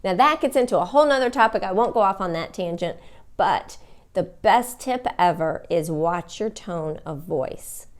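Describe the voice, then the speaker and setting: A woman's voice: on the low side, lively intonation, normal speed. A woman giving an instructional talk as a dental front office trainer, speaking expressively and acting out phone greetings as examples.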